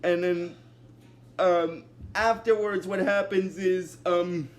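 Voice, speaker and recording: A man's voice: sits high, fairly even intonation, slow pace. A man casually recapping a cartoon episode, rambling with lots of "basically" and "and then," and often breaking into laughter.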